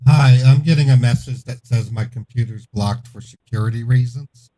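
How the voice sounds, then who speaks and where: A man scam-baiting on a call, playing a slow, hesitant, confused caller. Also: medium pitch, dark tone, slight background noise, rough recording. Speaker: scam baiter host.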